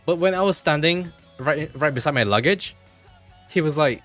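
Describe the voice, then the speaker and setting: Animated male streamer telling a story. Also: fairly high pitch, moderate pace, soft background music. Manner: animated, repeats himself, swears freely. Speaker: livestreamer. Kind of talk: casual livestream storytelling.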